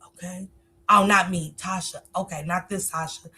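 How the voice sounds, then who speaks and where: A woman hosts a casual live stream at home, reading viewer comments aloud and answering each one. Her voice is bright and forward, sitting at an ordinary middle pitch. She talks on and on in a loose, chatty way. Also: animated, normal speed, creaky, husky.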